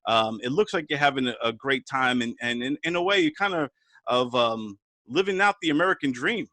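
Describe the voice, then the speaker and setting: A man hosting a comedy talk show, chatting casually, halting and laughing easily. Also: mid-range voice, animated, sharp tone, slight background noise. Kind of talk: casual chat.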